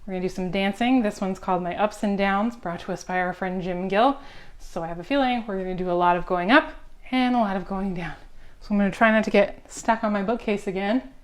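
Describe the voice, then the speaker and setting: A young woman librarian reading a picture book aloud at a preschool storytime, expressive and talking directly to small children. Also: medium pitch. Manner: slow, expressive, talks to little children.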